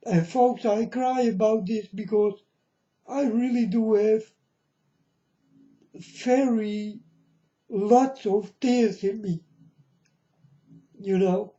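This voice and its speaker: A man speaks slowly and earnestly in non-native English, his voice very dark and mellow. He pleads with his listeners like a self-proclaimed prophet, and the recording sounds dull and lo-fi. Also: high voice. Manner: earnest, pleading, repeatedly addressing listeners as folks. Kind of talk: emotional personal testimony to viewers.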